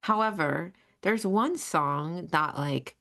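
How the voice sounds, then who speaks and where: Lady cohost, really low voice, chatty, says dude a lot. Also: slow pace, gravelly. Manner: animated storyteller, says dude a lot, laughs often. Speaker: co-host. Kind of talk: casual podcast chat.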